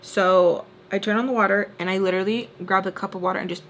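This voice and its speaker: A woman's voice: medium pitch, fairly even intonation, fast talker, fairly bright tone, slight background noise. A young woman in her twenties telling a story to the camera while doing her makeup, chatty and exasperated as she retells quoted back-and-forth. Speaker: storytime vlogger.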